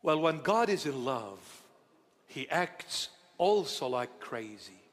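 A bishop giving a sermon, tender and playful in how he talks, now and then rising into loud outbursts, recorded in a church. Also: mid-range voice, sing-song, slow pace. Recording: church hall reverb.

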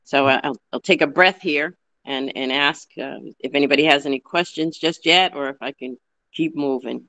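A man giving an earnest, fast-paced history talk, full of fillers and restarts. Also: on the high side, pushed and bright. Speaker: guest speaker on local history. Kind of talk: informal history talk with questions.

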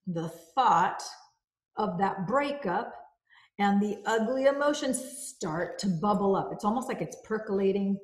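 A woman's voice: medium pitch, animated, unhurried, roomy sound. A woman reviewing a self-help book in a casual way. She repeats key phrases and walks through everyday examples.

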